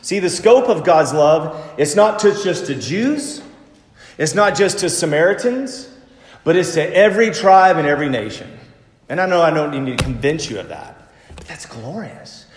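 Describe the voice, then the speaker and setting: Man, pastor preaching, lively animated delivery, long hall reverb. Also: fairly high pitch. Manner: slow, emphatic preaching with lively swings between loud and soft. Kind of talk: sermon.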